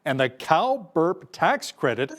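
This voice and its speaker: A man's voice: fairly high pitch, big pitch swings, slow pace. A man hosting a news interview in a wry, conversational way. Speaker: news anchor.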